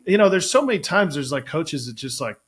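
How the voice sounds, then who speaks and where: A man's voice: fairly high pitch, very animated, a little fast, a bit bright, breathy edge. A man hosting a casual talk show about coaching, emphatic and exasperated as he makes his case, swearing casually. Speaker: podcast host, catching coach. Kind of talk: casual conversational chat.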